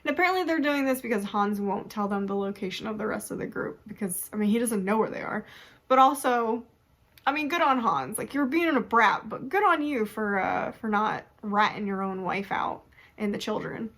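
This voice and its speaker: A young adult woman reviewing a book in casual chat, animated and chatty, who often laughs and acts out her own reactions. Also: mid-range voice, moderate pace.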